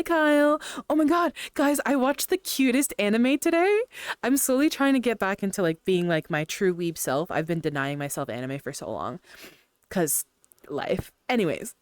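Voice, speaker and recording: A young woman chats casually on a live stream, laughing easily and greeting viewers by name. Her pitch swings up and down a lot. Her voice is smooth and clear, on a close, dry mic. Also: no room sound. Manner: chatty, giggly, greets chat by name. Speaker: VRChat streamer.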